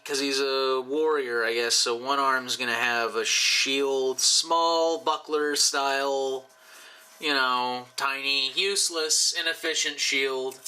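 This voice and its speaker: This man's voice is medium in pitch with fairly even intonation, a slow pace, and a pushed, bright but clean tone on a rough recording. He's a tipsy YouTuber rambling and joking, with profane asides, while drawing commissioned art for his channel.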